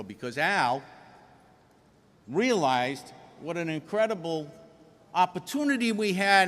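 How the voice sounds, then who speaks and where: Emphatic, folksy union speaker, man with a Rhode Island accent, slightly high voice, recorded in a reverberant hall. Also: fairly bright tone, slight background noise. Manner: folksy, emphatic, jokes with the audience. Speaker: union leader addressing a convention. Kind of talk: convention speech.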